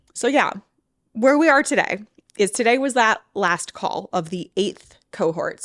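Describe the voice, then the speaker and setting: A woman in her thirties talks through her solo podcast with a slightly low, emotional voice that keeps breaking into laughter. The sound is dry and close, with no room around her. She swears freely when she gets worked up. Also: a bit bright, no echo. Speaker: podcast host and mindset coach. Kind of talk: casual solo podcast talk.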